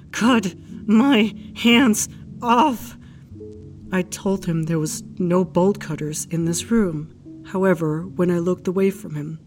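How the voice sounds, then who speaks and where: Low-voiced woman narrating a grim horror tale. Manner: hushed, grief-stricken retelling. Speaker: narrator recounting a case file. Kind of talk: first-person audio drama narration.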